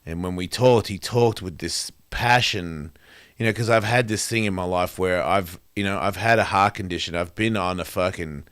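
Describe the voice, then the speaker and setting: A man's voice: low voice, normal speed, a bit bright, no room sound, clean studio sound. A middle-aged man, hosting his show and speaking candidly in a profane, rambling, confessional way. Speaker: host. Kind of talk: candid monologue.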